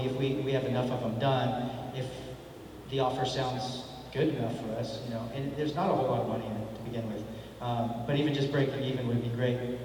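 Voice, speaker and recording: A man's voice: mid-range voice, a little mellow. A middle-aged man telling stories at a convention panel, laid-back and laughing, acting out dialogue as he goes. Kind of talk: storytelling at a fan panel. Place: large convention hall. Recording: echoey hall from far off, faint noise.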